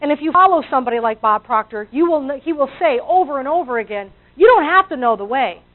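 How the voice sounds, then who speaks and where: A woman's voice: sits high, animated, fast. A woman giving a motivational talk to a live audience, acting out inner voices and asking the audience questions. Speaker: motivational speaker. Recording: tinny, phone-like audio.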